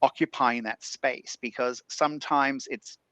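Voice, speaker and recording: A man's voice: medium pitch, fairly even intonation, a little slow, fairly bright tone, no room sound. A man with an Australian accent speaking earnestly on a discussion panel, posing rhetorical questions.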